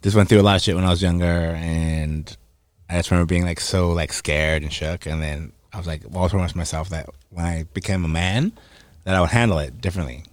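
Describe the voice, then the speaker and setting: Low-voiced young man, candid and halting. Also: no room sound. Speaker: co-host. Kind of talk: casual podcast chat.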